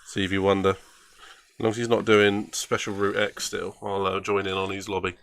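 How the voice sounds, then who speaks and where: Gravelly low-voiced man streaming a game. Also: level tone, normal speed, fairly bright tone, slight background noise. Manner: rambling, chatty, self-mocking grumbles. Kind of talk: casual live-stream commentary while racing.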